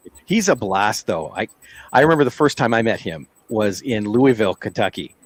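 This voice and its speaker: A man's voice: fairly low pitch, lively intonation, brisk, rough recording. A man hosting a casual podcast chat, telling anecdotes in an easygoing way and laughing often.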